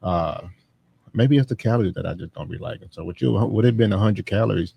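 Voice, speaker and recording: Gravelly hype-man podcast host. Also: on the low side, quick pace, muffled recording. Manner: hype, boastful, playful. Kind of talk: casual podcast chat.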